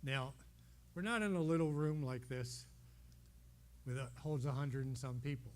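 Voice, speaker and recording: A man telling a healing testimony to a congregation in a meeting room, talking straight to his listeners as an animated storyteller. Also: medium pitch, moderate pace. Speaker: speaker sharing a healing testimony. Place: meeting room holding about a hundred people.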